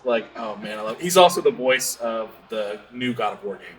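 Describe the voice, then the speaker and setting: A man's voice: lowish voice, expressive, moderate pace. A man who plays tabletop games, chatting enthusiastically and laughing as he talks. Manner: enthusiastic, laughs while talking. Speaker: tabletop game player. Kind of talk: casual chat. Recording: distant with crowd behind.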